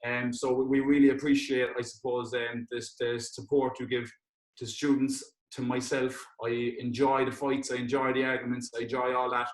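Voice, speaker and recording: A man's voice: medium pitch, level tone, normal speed, reverberant, rough recording. A young man giving a heartfelt, rambling thank-you speech as host, tearful at times. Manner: heartfelt, rambling, many restarts and fillers. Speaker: students' union president hosting an awards event. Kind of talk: emotional thank-you speech on a video call.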